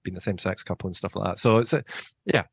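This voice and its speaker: Rambling lower-voiced male podcast host. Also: expressive, fast, creaky, husky, no room sound. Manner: rambling, self-deprecating, lots of fillers. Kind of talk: casual podcast chat.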